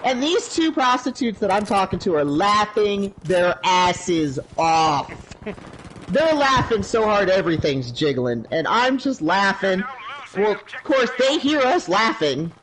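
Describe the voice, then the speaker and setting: High-pitched guy on a gaming stream, telling a raunchy story all animated, noisy audio. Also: measured pace. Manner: animated, profane anecdote-teller. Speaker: gaming livestreamer. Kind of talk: casual storytelling on a livestream.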